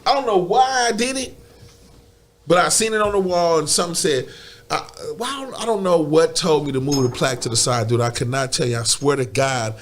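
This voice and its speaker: A man's voice: fairly high pitch, fairly quick, a crowd in the background. A man who is a guest on a podcast, telling a story in casual, profane slang, stumbling over repeated words and laughing often.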